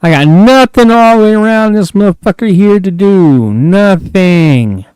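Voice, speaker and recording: With a high, expressive voice and a measured pace, the man's tone comes across a little mellow, clear and resonant, with no echo but poor audio. Streaming the flight game, he grumbles and swears to himself in frustration while casually commenting.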